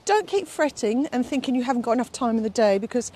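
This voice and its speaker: A woman's voice: a little high, animated, fast talker, mellow, a little hiss or hum. A middle-aged woman, a fitness instructor rambling in a casual vlog outdoors, out of breath while walking up a steep hill with her phone. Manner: chatty, rambling, fond with her dog.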